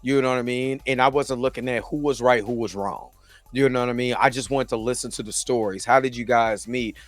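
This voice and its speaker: Casual recap host with dry sound. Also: male voice, mid-range voice, a little fast, no echo. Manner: conversational, full of "you know what I mean", animated retelling. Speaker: show host reviewing a TV episode.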